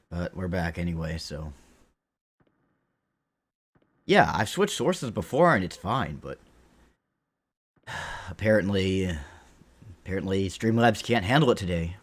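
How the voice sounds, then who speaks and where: A man's voice: low voice, expressive, measured pace, pauses often, husky. A man live-streaming a game playthrough, irritable and cursing as he talks to his viewers. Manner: irritated and swearing.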